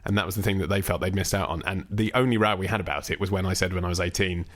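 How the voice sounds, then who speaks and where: A man's voice: low voice, fairly even intonation, rapid-fire, fairly bright tone. A man co-hosting a podcast, chatting casually and telling wry, rambling stories with acted-out quotes. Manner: wry, rambling storyteller who acts out quotes. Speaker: podcast co-host. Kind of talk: casual chat.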